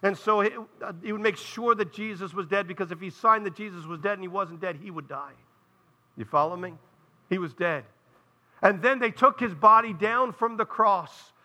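A man preaching in an earnest, explanatory way, often turning to his congregation with direct asides. His voice sits high for a man and rings very bright and sharp. He sounds like a pastor in the pulpit. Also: moderate pace. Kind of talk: sermon.

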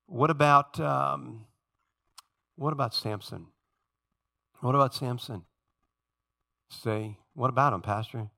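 A man's voice: medium pitch, slow, gravelly, pauses often, pushed and bright. A male pastor preaching a sermon to his congregation, telling Bible stories and acting out the characters' lines, often checking in with the church. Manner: storytelling, acting out biblical figures' lines; addresses congregation directly.

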